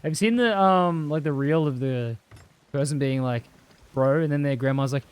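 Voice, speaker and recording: Brief: young Australian guy, livestream gamer, mid-pitched voice, loose rambling chat full of swearing. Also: fairly quick, smooth. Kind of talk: casual chat while gaming.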